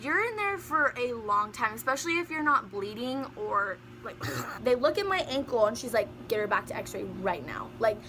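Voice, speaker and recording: A young woman with a high, bright voice tells a story on her vlog. She talks in an animated way and laughs often as she goes. There is a faint hiss behind her. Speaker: vlogger.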